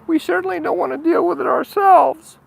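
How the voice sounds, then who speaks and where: A man's voice: creaky, exaggerated voice, poor audio. A man voicing a whiny crowd of followers who plead for someone to fix everything for them. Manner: high, pleading, drawn-out.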